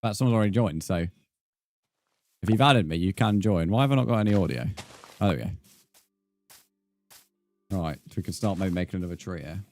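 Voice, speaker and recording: Streamer, male, lowish voice, rambling chat with viewers. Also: expressive, fairly quick, long pauses, a little mellow. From England. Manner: rambling, chatty, reads and answers viewer comments. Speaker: game streamer. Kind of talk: casual live-stream chat.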